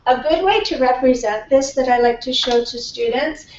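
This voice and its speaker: A woman teaching a pronunciation workshop, modeling words slowly and checking in often with her class. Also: high-pitched. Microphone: distant room mic. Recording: echoey classroom from far off, dull and slightly noisy.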